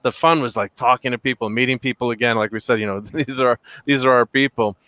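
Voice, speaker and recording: A man's voice: medium pitch, fairly even intonation, fast, a bit bright, no room sound. A man hosting a casual group video chat, telling a rambling story with frequent laughs and fillers. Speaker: podcast host.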